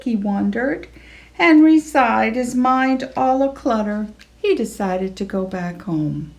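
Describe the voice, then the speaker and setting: Slow expressive woman reading aloud. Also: creaky. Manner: slow, expressive, voicing animals with pitch jumps. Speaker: children's librarian reading aloud. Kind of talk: read-aloud storytelling.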